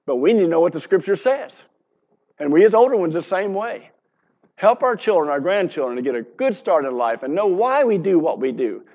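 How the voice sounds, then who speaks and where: A man's voice: high-pitched, highs cut off. A man in his seventies preaching a sermon in an earnest, conversational way, asking the congregation questions.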